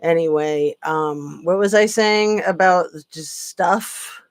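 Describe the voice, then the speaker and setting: Woman, live-stream host, casual sarcastic rambling, tired late at night, unhurried, lowish voice. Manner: rambling, chatty, sarcastic, with filler words. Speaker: political commentary channel host.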